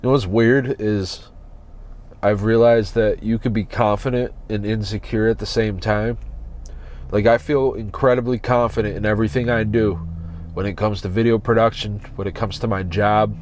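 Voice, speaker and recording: A man hosting a solo podcast from inside his parked van, talking slowly and earnestly as he searches his soul. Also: fairly low pitch, steady tone, darkish tone, a little hiss or hum. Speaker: podcast host.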